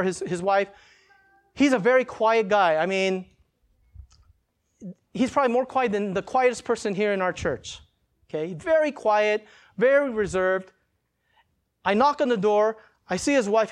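This male pastor, whose voice sits high, preaches to a church while recounting something from his own life. His delivery is casual and animated, and he acts out each quote.

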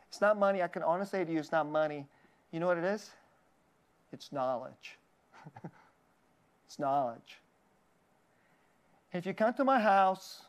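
A woman preaching a sermon in a conversational, joking way, often laughing at herself and restarting her sentences. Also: fairly low pitch.

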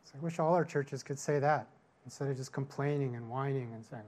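A man's voice: fairly high pitch, a little fast. A middle-aged male pastor giving a conversational sermon, telling a story and checking in with "right?" after nearly every line. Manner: storytelling with constant "right?" tag questions.

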